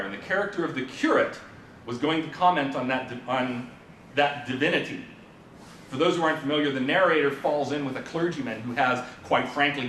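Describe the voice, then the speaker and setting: A man giving an informal conference presentation, talking the audience through a story and asking them questions. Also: a bit bright. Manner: informal lecturing with fillers, asks the audience questions. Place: presentation room at a symposium. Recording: roomy, from a distant mic, faint rumble.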